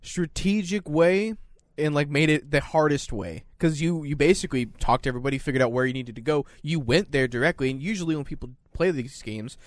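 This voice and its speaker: A man's voice: on the high side, fairly quick, dry recording. A young adult man chatting casually about video games, rambling with lots of fillers and frequent laughter. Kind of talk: casual chat.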